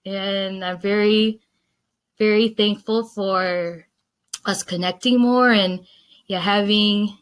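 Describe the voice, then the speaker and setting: A woman hosts a casual conversation over a video call. She tells her story in a chatty, enthusiastic way and laughs easily between thoughts. Her voice sits at a middle pitch. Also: steady tone, takes it slowly, clean tone. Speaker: host. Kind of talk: casual chat.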